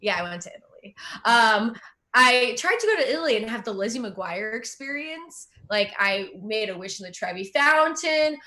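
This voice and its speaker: A woman's voice: fairly high pitch, animated, moderate pace, sharp tone. A young woman from Russia with no Russian accent, doing chatty, self-mocking stand-up as host and laughing at her own jokes. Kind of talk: stand-up comedy.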